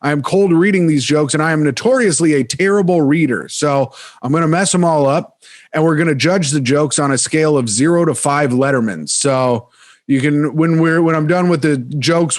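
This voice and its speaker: A man co-hosting a comedy podcast, chatting casually, laughing often and stumbling through read-out jokes. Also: a little high. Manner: joking, laughs often, reads jokes haltingly. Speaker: podcast co-host.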